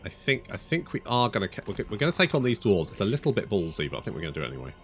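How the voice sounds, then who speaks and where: A man's voice: on the low side, very animated, rapid-fire, faint music behind. A man casually commenting on his strategy game as he plays. He thinks aloud, corrects himself as he goes and swears freely. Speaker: gaming YouTuber.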